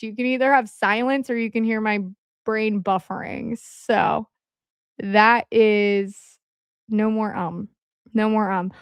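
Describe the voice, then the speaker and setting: Rambling woman livestream host, clear voice. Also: mid-range voice, steady tone, slow pace, dry recording, clean studio sound. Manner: rambling, with frequent "um" fillers. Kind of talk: casual rambling livestream chat. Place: at home.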